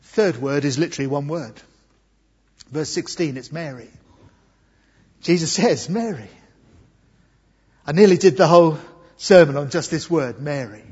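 Husky, slightly high male preacher from England, earnest sermon delivery, dull recording with long church reverb. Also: darkish tone. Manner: earnest, emphatic, slows for key words. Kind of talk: Easter sermon. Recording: dull muffled sound with long hall reverb.

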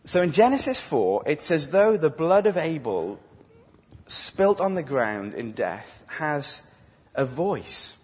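Guy preaching a fired-up sermon, kinda husky, big echoey hall, muffled sound. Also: on the high side, very animated, takes it slowly. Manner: impassioned, emphatic preaching with acted quotes. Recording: dull sound with long hall reverb.

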